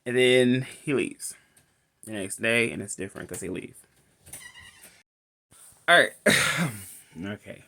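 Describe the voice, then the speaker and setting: A man's voice: medium pitch, expressive, slow pace, pauses often, sharp tone. Man giving a rambling movie recap. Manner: rambling, restarts often, laughs between lines. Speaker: movie reviewer. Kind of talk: casual rambling film recap.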